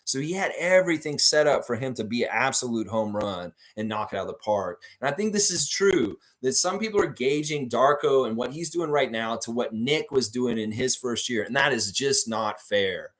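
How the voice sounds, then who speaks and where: A man in a casual livestream chat, answering viewer comments one after another. He rambles and leans on fillers, with a voice sitting at an ordinary middle pitch. He gets eager whenever a comment lands with him. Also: lively intonation, moderate pace, hardly any pauses, a bit bright. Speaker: host of a fan livestream.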